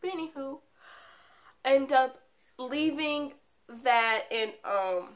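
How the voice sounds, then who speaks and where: A woman's voice: high-pitched, animated, slow. A young woman vlogger telling a painful personal story to camera in a candid, confiding way, with laughs breaking in between the sad parts.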